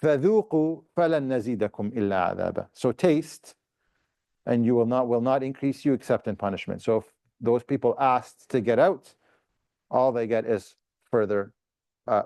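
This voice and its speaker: A man teaching a class, moving between plain explanation and chanted recitation of verses. His voice sits at an ordinary middle pitch. The sound is dry and close, with no room echo, and he turns to his students with questions. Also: mellow. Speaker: Quran teacher. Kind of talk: classroom tafseer lesson.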